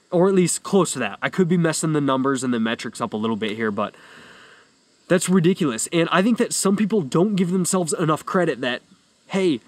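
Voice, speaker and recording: A man's voice: on the high side, no echo. A young adult man hosting a fitness podcast, explaining things in a loose, rambling, easygoing way. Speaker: podcast host and fitness coach. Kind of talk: casual solo podcast talk.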